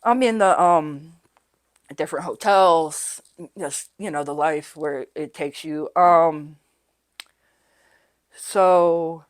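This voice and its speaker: A woman's voice: low voice, slow pace, pauses often. A woman guest on a podcast, telling her life story in a rambling, candid way, often asking "right?" and swearing casually. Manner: rambling and candid, with frequent "right?" and "you know"; often drops to a quiet voice when reliving hard moments.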